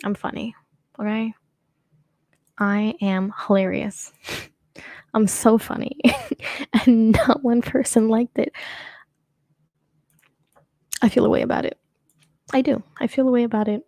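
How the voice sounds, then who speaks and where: Her voice runs on the high side with fairly even intonation and a dark tone, at a normal speed with frequent pauses, recorded dry. She's a young American show host chatting casually, laughing a lot while she rambles and jokes at her own expense.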